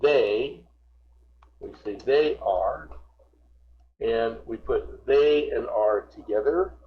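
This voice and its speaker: A man's voice: mid-range voice, slow pace, highs cut off. A man teaching an online group English class, patiently repeating words to correct pronunciation. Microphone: video call.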